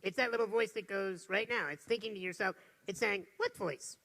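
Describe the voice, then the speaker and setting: Gravelly motivational speaker, bright voice. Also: male voice, high-pitched, steady tone, brisk, slight background noise. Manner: storytelling, asks the audience questions. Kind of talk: motivational talk to a live audience.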